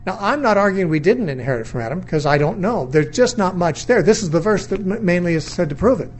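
A middle-aged man gives a sermon lecture in a fairly high voice, thinking aloud as he weighs different views. He questions rather than asserts, and often restarts his sentences. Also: animated, quick pace, a little hiss or hum. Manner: thoughtful, reasoning aloud, with frequent restarts. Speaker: Bible teacher.

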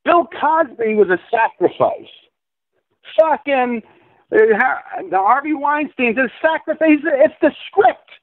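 A man's voice: extremely high pitch, animated, a little slow, no echo. A man on a call-in interview, ranting in a profane, insistent, lecturing way. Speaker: guest. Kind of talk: conspiracy rant in a call-in interview. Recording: tinny phone-line audio.

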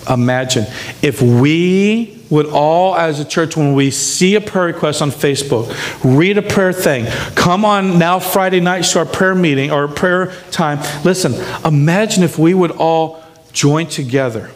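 A man's voice: a little high, measured pace. A man preaching a sermon as pastor, emphatic and often checking in with the congregation. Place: church sanctuary. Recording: long hall reverb in a church.

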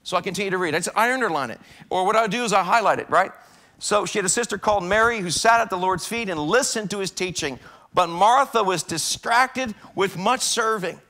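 A man's voice: high voice, fairly quick, sharp tone. A man speaking as a pastor, giving a casual devotional talk in a church and acting out prayers with a lifted voice. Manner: conversational, acts out prayers and complaints in a raised voice.

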